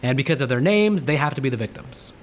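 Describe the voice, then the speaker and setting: A man's voice: medium pitch, animated, fast. A man co-hosting a casual movie podcast, chatty and rambling as he shares film trivia. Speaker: podcast co-host.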